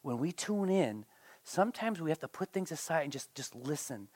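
Animated preacher, dry close sound. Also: mid-range voice, normal speed, no room sound. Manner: animated, repeats words, acts out quoted voices. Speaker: pastor. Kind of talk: sermon.

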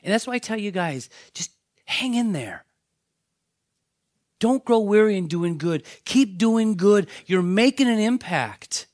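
A man preaching a sermon, telling Bible stories in a lively way and acting out the characters' lines. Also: high-pitched, unhurried, no echo, clean studio sound. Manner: animated storytelling, acts out voices of biblical characters. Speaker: pastor.

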